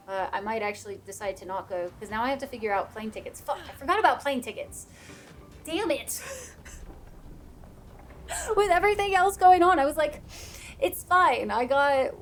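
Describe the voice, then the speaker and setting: A woman streaming a game who chats casually with her viewers and laughs often. Her accent drifts playfully whenever she gets animated. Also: mid-range voice. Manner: chatty, laughs a lot, drifts between playful put-on accents. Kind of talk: casual live-stream chat.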